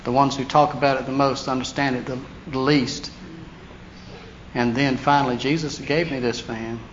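A man preaching a storytelling sermon, animated, acting out the voices of people he quotes. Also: mid-range voice, moderate pace. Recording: dull lo-fi sound with faint hiss.

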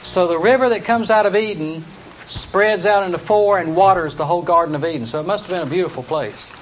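A man's voice: high-pitched, fairly quick. A man teaching a Bible study class, explaining plainly and reading scripture aloud to his students. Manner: explains plainly, reads scripture aloud in King James wording. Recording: dull lo-fi recording with faint noise.

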